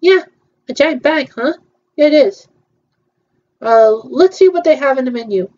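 A woman's voice: high voice, expressive, measured pace, darkish tone, muffled recording. A woman chatting casually through a virtual theme-park tour, hesitant and playful, with frequent ums.

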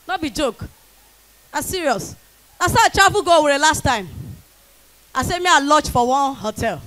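A young Nigerian woman doing stand-up comedy in Pidgin English, loud and shouting to the crowd in bursts. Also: high voice, lively intonation, measured pace, pauses often. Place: comedy stage before a live audience.

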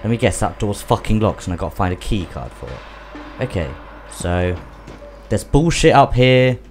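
A man's voice: fairly low pitch, animated, normal speed. A man giving panicky, swearing commentary while playing a game and talking to it. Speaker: gamer. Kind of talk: gameplay commentary. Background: game music.

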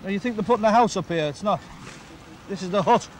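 High-voiced Liverpool stand-up comic. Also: male voice, fast. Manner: brash, bantering, chatty with the crowd. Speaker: stand-up comedian. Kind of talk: stand-up routine in a club. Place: working men's club. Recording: echoey club hall, background noise.

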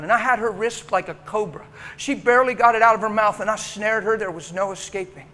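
Passionate high-voiced preacher in a hall. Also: male voice, a little fast. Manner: storytelling, passionate, swings from hushed to loud. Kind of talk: sermon. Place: church hall.

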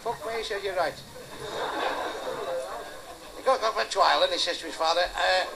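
A man's voice: high-pitched, fairly quick, gravelly. A male stand-up comedian telling crude jokes and heckling the audience in a club. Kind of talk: blue club stand-up routine. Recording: noisy live club recording.

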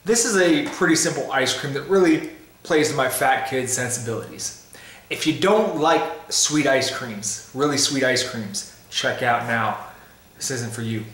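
Excited man reviewing food, roomy echo. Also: mid-range voice, a little slow. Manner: upbeat, playful and excited; tasting ice cream while talking. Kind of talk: casual vlog review.

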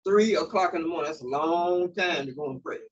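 A pastor with a fairly high voice moves through his sermon fairly quickly in a church sanctuary, reading scripture and regularly stopping to explain it, with fillers and restarts. The distant recording sounds dull and carries a faint hiss.

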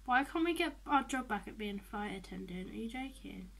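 A young woman giving chatty, excitable commentary while playing a life-sim game, often dropping into whispers. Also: mid-range voice, brisk. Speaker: gaming vlogger.

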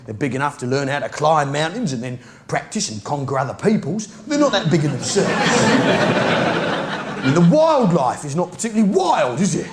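A man's voice: on the high side, big pitch swings, normal speed, noisy background. A British man doing live stand-up comedy, brash and mocking, firing off tag questions at the crowd. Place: large indoor comedy venue. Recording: echoey live venue with loud crowd. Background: loud audience laughter.

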